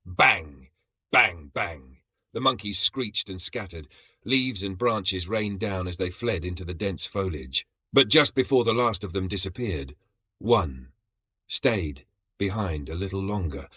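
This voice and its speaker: A man's voice: low voice, expressive, measured pace, pushed and bright, husky, no room sound. A man narrating a sci-fi comedy story in a dramatic storytelling manner.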